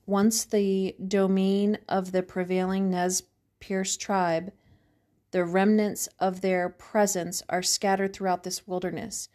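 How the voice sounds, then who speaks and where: A woman calmly narrating an audiobook in a measured storytelling manner. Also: medium pitch. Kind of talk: scripted narration.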